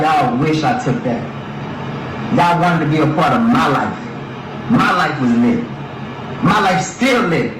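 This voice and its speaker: A man ranting in an agitated, profane, rambling way about accusations made against him, recorded as a clip. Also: a little high. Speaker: person addressing allegations online. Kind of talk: heated rant. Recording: echoey, distant, noisy clip.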